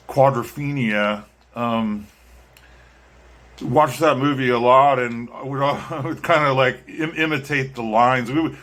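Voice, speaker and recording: Talking casually to camera, a vlogger and musician drifts from one thought to the next, hesitating often with ums and restarted sentences. His voice sits at an ordinary middle pitch for a man and sounds a bit bright.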